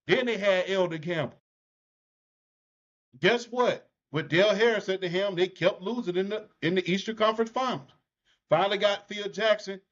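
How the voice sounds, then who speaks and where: A man with a Southern US accent talking sports on a podcast, blunt and jokey. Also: sits high. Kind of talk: casual sports talk. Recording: muffled lo-fi audio.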